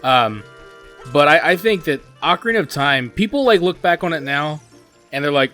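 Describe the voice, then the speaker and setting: A man's voice: a little high, lively intonation, measured pace, fairly bright tone. Earnest, rambling man narrating his gameplay. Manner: rambling and earnest, with many "like" and "you know" fillers. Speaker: gaming channel host. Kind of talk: casual gameplay commentary. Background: faint game music.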